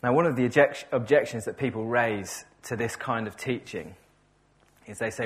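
A man's voice: medium pitch, normal speed. A man preaching a sermon in a conversational way, often repeating words and correcting himself, enthusiastic about the passage.

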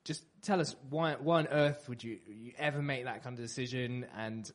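A man hosts the interview in a relaxed, casual way. His voice is mid-pitched, and his questions are loose and full of restarts. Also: normal speed.

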